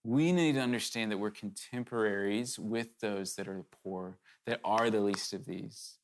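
A man's voice: on the low side, normal speed, slight background noise. A man preaching a sermon to his congregation, earnest and urgent, talking conversationally with candid asides and sudden emphatic rises.

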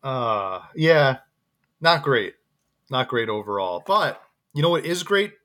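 A man co-hosting a movie podcast in casual chat, animated and jokey, with many restarts. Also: mid-range voice, slow. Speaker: podcast co-host.

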